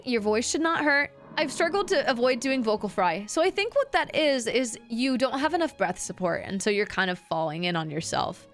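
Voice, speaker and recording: A woman's voice: big pitch swings, normal speed, hardly any pauses, faint music behind. Chatty woman streamer teaching voice tricks. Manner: chatty, rambling, dips low to demonstrate. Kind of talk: casual livestream chat.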